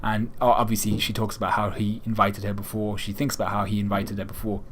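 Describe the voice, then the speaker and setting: A man's voice: on the low side, monotone, fast. Young man rambling through a manga review. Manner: rambling, retells scenes with quoted lines. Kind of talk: casual chapter review monologue.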